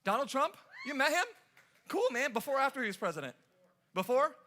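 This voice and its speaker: A pastor from the Los Angeles area, USA, preaches a sermon at a church service in a very high-pitched, very animated voice with a sharp tone, going a little fast. He tells stories and teases his congregation in a playful, joking way.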